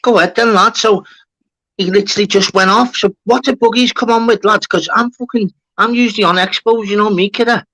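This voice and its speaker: A man's voice: sits high, fairly even intonation, a little fast, fairly bright tone, rough recording. A man hosting a live stream in casual chat, hyped and sweary, calling everyone lads and mate. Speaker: livestream host.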